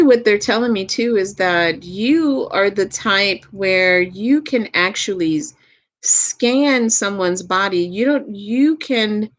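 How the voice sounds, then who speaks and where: A woman with a Southern US accent giving a live tarot reading as a medium, gentle and unhurried, repeating her phrases and laughing softly now and then. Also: lowish voice.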